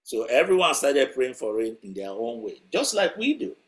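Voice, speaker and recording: A man's voice: mid-range voice, huge pitch swings, normal speed. A man preaching a sermon through a story, conversational and chuckling as he tells it.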